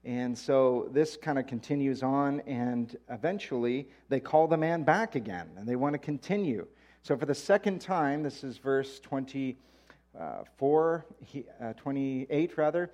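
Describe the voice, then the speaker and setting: A man's voice: mid-range voice, unhurried, dull audio. Man preaching conversationally. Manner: conversational, animated when quoting scripture. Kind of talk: sermon with Bible reading.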